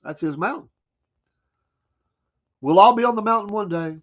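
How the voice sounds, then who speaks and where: A man's voice: high-pitched, expressive, moderate pace, highs cut off. A man with a Southern American accent hosting a morning talk show, riffing in a folksy, wry way with mocking asides. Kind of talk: casual talk radio monologue.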